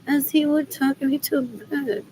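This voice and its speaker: A woman's voice: high-pitched, steady tone, a little slow, dark tone, slight background noise, rough recording. A woman from Rico, rambling through a personal vlog while out running errands. She switches between English and Spanish and keeps repeating herself. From Puerto Rico. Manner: rambling, mixes English and Spanish, repeats "what else" over and over. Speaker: vlogger.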